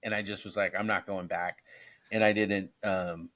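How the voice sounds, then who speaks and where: A man's voice: sits low, level tone, moderate pace, a bit bright. A male comedian telling casual anecdotes in an interview, animatedly acting out the voices of the people in them. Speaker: comedian guest.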